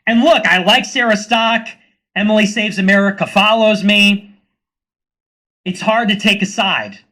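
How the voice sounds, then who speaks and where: A man with a high, bright voice delivers a loose, rambling monologue as a livestream host. His tone is sarcastic throughout, and he keeps wandering from one aside to the next. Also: measured pace. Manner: sarcastic, rambling, slips into mocking put-on voices. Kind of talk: casual ranting monologue.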